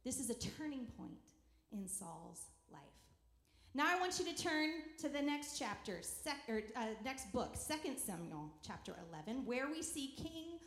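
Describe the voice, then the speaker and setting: A woman's voice: high voice, very animated, unhurried, fairly bright tone. A woman giving a conversational sermon and reading scripture aloud. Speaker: preacher. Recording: echoey hall.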